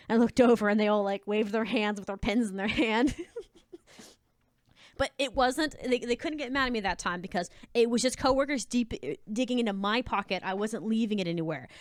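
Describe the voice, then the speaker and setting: A woman's voice: medium pitch, dry recording, clean studio sound. A woman telling a work story in a casual, rambling way, laughing often and acting out the people she quotes. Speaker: channel host telling a retail story; former cashier.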